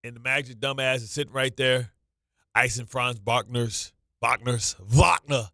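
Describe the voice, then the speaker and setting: Male sports radio host, nervous stammering banter, bright and dry. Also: mid-range voice, flat delivery, moderate pace, no room sound. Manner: stammering, repeats himself, nervous joking. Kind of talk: excitable sports talk banter.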